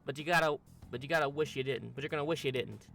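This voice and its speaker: A man voicing a brash, rough-talking teenage boy with a put-on drawl while reading a game's dialogue. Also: a little high, fast, sharp tone, slight background noise. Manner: slangy, drawling put-on accent. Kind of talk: game voice-over reading.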